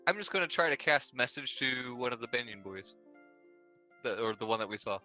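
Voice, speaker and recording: A man's voice: medium pitch, lively intonation, brisk, bright, forceful tone, soft background music. A man playing a tabletop game, hesitant and focused on the rules. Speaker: player. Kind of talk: casual tabletop play.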